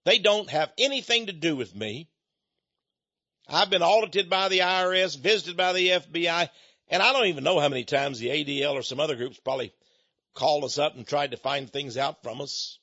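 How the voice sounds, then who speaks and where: A man's voice: on the high side, brisk, sharp tone. An older man preaching a folksy, rambling sermon monologue with chuckling asides, speaking as the head of his own ministry. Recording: dull lo-fi recording.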